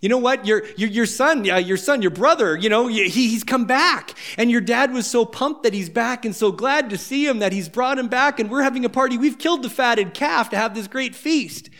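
A man voicing an excited young servant who stammers as he shares news. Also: extremely high pitch, normal speed, few pauses, voice pushed up.

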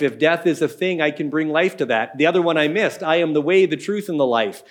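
A man's voice: on the high side, animated, fairly quick. Man preaching a conversational sermon. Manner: conversational, explanatory teaching with asides. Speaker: pastor.

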